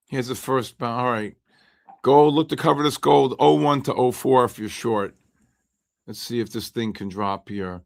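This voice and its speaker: A hoarse man hosting a live trading stream, chatting with viewers by name while he calls trades. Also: mid-range voice. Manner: animated, greets chat by name while calling trades. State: hoarse, losing his voice. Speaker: livestream host and futures trader.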